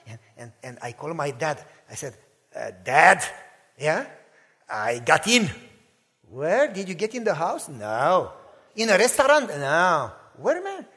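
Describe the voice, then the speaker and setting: A man's voice: high voice, husky, long reverb tail. A male preacher, telling a personal story in a sermon and acting out both sides of a conversation. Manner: animated storytelling, acts out both sides of a dialogue.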